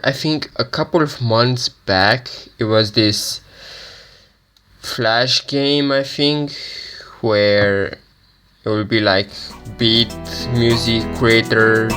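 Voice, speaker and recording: Male gaming host, groggy morning voice, unhurried and halting, reading game text. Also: mid-range voice, fairly bright tone, soft background music. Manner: rambling and hesitant. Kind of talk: casual let's-play commentary, reading game text aloud.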